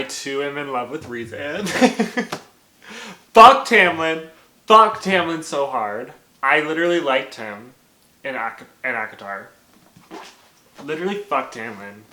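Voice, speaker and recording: A man vlogging about a novel he is reading, excitable and profane, bursting into yells and laughter. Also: medium pitch, reverberant. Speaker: book vlogger. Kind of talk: reading vlog reactions.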